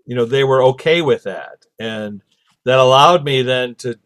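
Lively man telling a story. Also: medium pitch, moderate pace. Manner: animated, acts out quoted voices. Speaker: podcast host. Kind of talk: casual storytelling chat.

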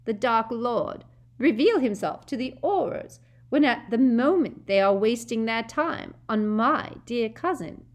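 A woman reading a story aloud, voicing a mad, cackling grown witch with a shrill, wild, taunting manner. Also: lively intonation, measured pace. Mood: mocking.

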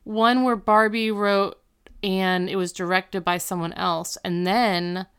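A woman's voice: medium pitch, slow, clear, resonant tone. A woman co-hosting a casual podcast, chatting enthusiastically about a TV episode with lots of "like"s. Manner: enthusiastic, lively retelling with many "like"s. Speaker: podcast co-host.

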